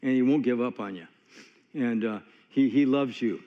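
A man's voice: medium pitch, moderate pace. A man preaching a sermon in a folksy, conversational way, telling stories with many asides. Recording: long hall reverb, dull lo-fi sound.

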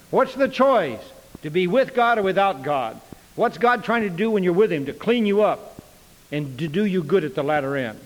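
A man's voice: fairly high pitch, in a large hall, poor audio. A man preaching a sermon in a folksy way, acting out the dialogue of the people in his stories. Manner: folksy, acts out dialogue with voices.

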